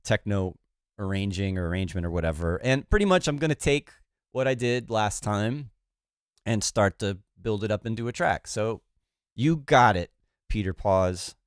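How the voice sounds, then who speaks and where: A man hosting a music production livestream, congested and low on energy, talking in a relaxed, rambling way with many fillers. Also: normal speed, clean tone, dry recording, studio quality. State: congested, recovering from illness. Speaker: livestream host. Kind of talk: casual livestream chat.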